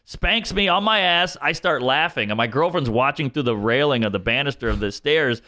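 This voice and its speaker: A man's voice: mid-range voice, moderate pace. A man telling a wild comic story on a podcast, acting out the people in it. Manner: animated, acts out quoted voices. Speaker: comedian guest.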